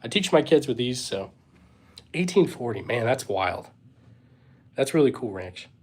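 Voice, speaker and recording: A young man hosts a casual live Q&A stream, his voice at an ordinary middle pitch. He talks in a laid-back, unhurried way, trailing off with fillers and shrugging asides while he reads out questions from chat and thanks viewers. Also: very animated, darkish tone. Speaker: livestream host.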